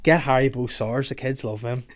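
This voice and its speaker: A man's voice: mid-range voice, steady tone, moderate pace. A young man hosting a crude comedy podcast, telling stories with acted-out quotes, laughing and swearing often. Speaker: podcast host.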